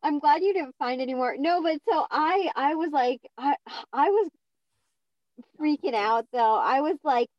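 A young woman telling a story in a casual chat, halting and full of fillers. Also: sits high, no echo, lo-fi sound.

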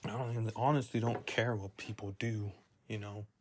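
A man's voice: lowish voice, fairly even intonation, moderate pace, a little mellow, a little hiss or hum. A man hosting a solo podcast who rambles and muses aloud, often putting himself down. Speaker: podcast host.

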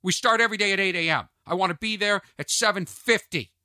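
Male podcast host, animated comic rant, bright edge, dead-dry sound. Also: high voice, fast, no room sound. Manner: animated, ranting, mimics others in asides. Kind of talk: comedic solo podcast monologue. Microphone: podcast mic on video.

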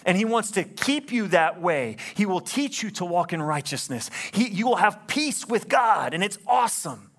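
A man preaching as a pastor in a church, pleading and impassioned, swelling loud and then dropping low during an altar call. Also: very animated, normal speed, hardly any pauses. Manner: impassioned, rising to loud climaxes then hushed. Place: church sanctuary, livestreamed.

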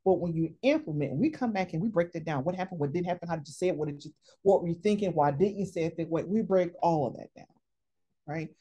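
A woman career coach talking in an interview, telling stories in a lively, emphatic way and often adding tag questions. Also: on the low side, fast, breathy edge. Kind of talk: conversational interview, storytelling.

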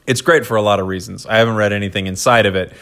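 A playful American man hosting a relaxed podcast conversation. He jokes around and laughs easily as he talks. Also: on the low side, rapid-fire. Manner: playful, laughs often, jokey voices. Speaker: podcast host. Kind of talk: casual chat.

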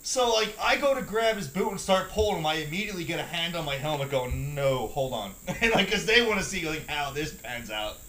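A man's voice: a little high, expressive, a little fast, hardly any pauses, bright, forceful tone, reverberant, poor audio. A man in casual chat teasing his partner while adding details to a shared firefighting story. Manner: teasing, laughing, cuts in with details.

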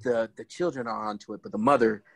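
A man co-hosting a podcast, chatting casually with friends, quick to laugh and slip into funny voices. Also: on the low side, fairly even intonation, creaky, a loud crowd, low-quality recording. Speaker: podcast co-host. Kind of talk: casual chat.

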